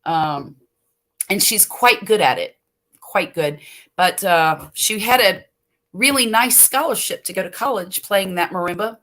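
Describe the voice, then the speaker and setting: An older woman from the US Gulf Coast hosts a late-night livestream from home, chatting slowly and rambling, laughing easily as she reads viewer comments. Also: mid-range voice, lively intonation, a bit bright. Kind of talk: casual chat reading viewer comments.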